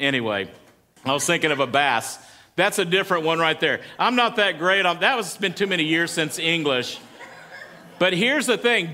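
A pastor with a bright, high voice delivers a sermon in a conversational manner, putting questions to the congregation.

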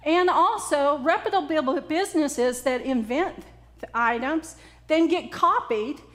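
Brief: Southern US woman preacher, high voice, bantering with her congregation. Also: a little slow, a bit bright. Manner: joking, interactive with congregation. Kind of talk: conversational sermon.

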